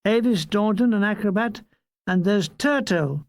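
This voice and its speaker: An older man reading his own comic war memoir in a wry, deadpan way. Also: sits high, a little slow, dry recording.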